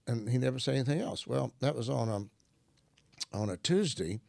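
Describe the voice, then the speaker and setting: Older preacher guy, rough gravelly voice, dry close mic, acts out his prayers. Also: mid-range voice, moderate pace, darkish tone, no room sound. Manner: earnest storytelling, acts out prayers. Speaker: minister. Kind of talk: testimony in conversation.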